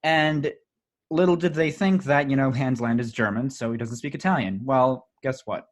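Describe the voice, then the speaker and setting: A man's voice: mid-range voice, moderate pace. A man hosting a casual film-discussion podcast over an online call, explaining scenes with enthusiasm. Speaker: podcast host.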